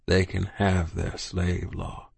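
A man voicing a dying older man who speaks in a low, hoarse, whispery voice, slow and insistent with old-fashioned thee and thou. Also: fairly even intonation, dry recording, exaggerated voice. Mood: weak, urgent. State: gasping, near death. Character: dying older Quaker man, weak, urgent. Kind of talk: audiobook character voice.

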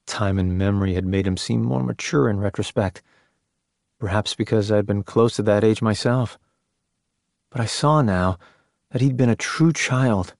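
A man reading a first-person story in a measured, subdued way. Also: fairly low pitch, no room sound, clean studio sound. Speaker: narrator. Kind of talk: first-person audiobook narration.

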